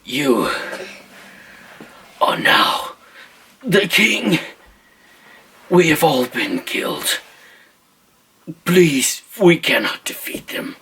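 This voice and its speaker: A man's voice: on the high side, sing-song, drawn-out words, pauses often, sharp tone, slight background noise, full character voice. A man voicing a wounded young squire, pleading and gasping out urgent news. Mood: desperate.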